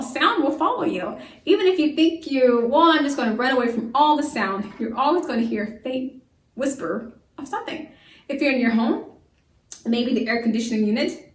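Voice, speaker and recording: A lively woman teacher leads a young class, firing off questions and answering them herself. Her voice sits a little high. She sounds a few steps back from the mic in an echoey room. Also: far from the mic. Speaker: homeschool teacher. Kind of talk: children's science lesson to camera.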